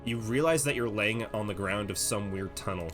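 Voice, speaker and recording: A man's voice: on the low side, normal speed, soft background music. Man streamer reading a dating game aloud. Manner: excitable, joking.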